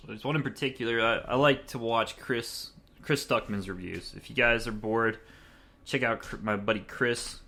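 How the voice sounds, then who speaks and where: Young male podcast host, casual review, lively and rambling, slightly low and bright. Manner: excitable, rambling, laughs often.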